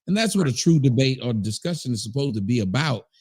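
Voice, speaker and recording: A man's voice: medium pitch, expressive, quick pace, darkish tone, slightly rough, no echo, studio quality. A man in a debate discussion, speaking emphatically and asking pointed questions. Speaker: debate participant.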